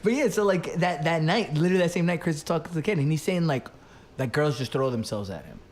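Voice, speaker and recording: A man's voice: on the high side, expressive, fast talker, a little mellow. A young man telling a story in casual chat, rambling, swearing, leaning on "like". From Dominican family, raised in the US. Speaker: podcast host.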